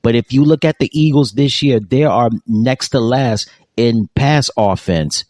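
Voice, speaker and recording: Man, sports host, emphatic, repeats points, mid pitch, dry close mic. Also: a little slow, darkish tone, no room sound. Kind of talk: solo NFL commentary.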